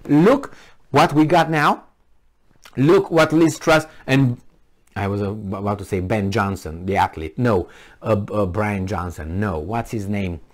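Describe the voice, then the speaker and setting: A man's voice: lowish voice, a little slow. A man vlogging in a casual, rambling way, sarcastic and mocking, a little tipsy from wine. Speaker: political vlogger.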